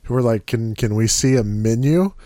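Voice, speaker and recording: A man in a casual chat, telling a story lively and acting out what others said. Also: mid-range voice, moderate pace, no echo, clean studio sound. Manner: animated storyteller who acts out quotes.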